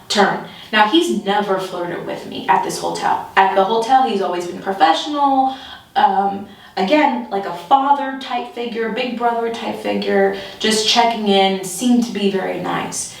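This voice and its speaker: A woman telling a story in a casual storytime vlog, animated and breaking into nervous laughter. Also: medium pitch, unhurried, creaky. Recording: echoey room, distant mic.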